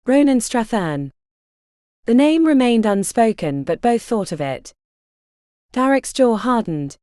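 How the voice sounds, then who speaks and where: A woman narrates a romance novel with expressive, dramatic delivery. Her pitch rises and falls in a lively way over a mellow tone, and the recording is dry and close. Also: measured pace, no room sound. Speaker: audiobook narrator. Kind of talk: scripted narration.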